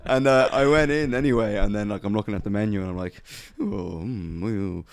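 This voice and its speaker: A man's voice: on the low side, fast, clear, resonant tone, no echo. A young man and stand-up comedian telling stories in a loose, sweary podcast chat.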